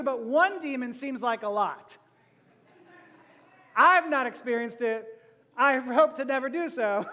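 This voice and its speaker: A man preaching a sermon, playful and joking, dropping from loud to hushed and back. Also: extremely high pitch, big-room sound. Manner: playful, laughing asides, swings from loud to hushed. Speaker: pastor.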